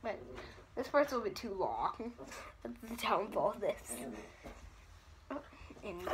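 A woman's voice: mid-range voice, big pitch swings, slow pace, pauses often, very noisy. A woman chatting casually in a vlog, rambling, giggly and self-deprecating. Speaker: vlogger.

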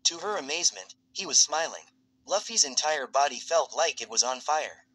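A man reading fan fiction aloud as a narrator in a steady, even storytelling voice. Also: on the high side, moderate pace, no echo, low-quality recording.

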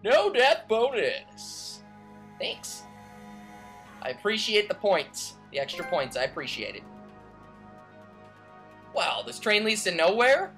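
A young man hosting a let's play, excitable and shouting trash talk at enemies. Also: high voice, a little slow, pauses often. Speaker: gaming channel host. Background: game music and sound effects.

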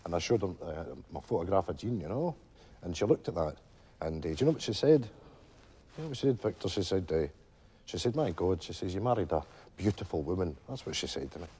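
An actor playing an older widowed Glasgow pensioner with a Glaswegian Scottish accent, telling a rambling stage monologue full of "you know" asides. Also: male voice, deep voice, big pitch swings, fast, dark tone, breathy edge, exaggerated voice. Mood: wistful storytelling. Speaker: stage character telling a story to friends.

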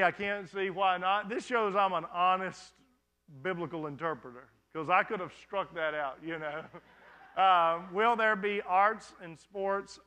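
A male pastor works through questions from his congregation in a sermon Q&A. His voice sits high and bright, with a forceful edge. He keeps it conversational and often checks that the listeners follow him.

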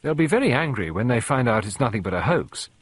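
A man's voice: mid-range voice, very animated, fast, a little hiss or hum, close to an everyday voice. A man voicing a defiant young woman with a harsh voice. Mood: challenging.

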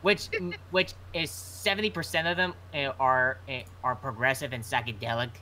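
Hesitant, stammering man in casual chat, bright edge, faint hiss behind. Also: mid-range voice, steady tone, moderate pace. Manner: hesitant, stammering with repeated fillers. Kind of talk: casual group chat on a stream.

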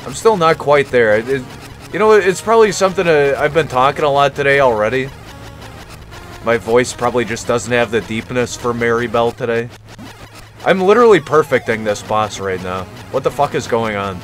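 A man's voice: mid-range voice, fairly bright tone. A man streaming a video game and commenting casually, with profane, self-mocking jokes.

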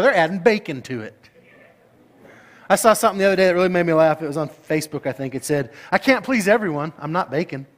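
A middle-aged male pastor preaching a sermon, telling stories playfully and breaking into excited, high outbursts. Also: fast talker. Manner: animated, playful storytelling that rises to excited, high-pitched outbursts.

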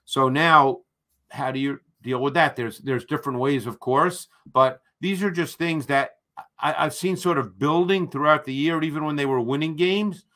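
Bright-voiced man explaining football tactics. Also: fairly high pitch. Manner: measured, explanatory. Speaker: football analyst co-host. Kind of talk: analytical football discussion.

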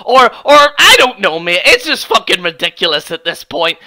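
A young Irish man, a wrestling YouTuber, ranting and mocking another channel in a profane, excitable reaction video. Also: high-pitched, a little fast, hardly any pauses. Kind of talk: reaction rant.

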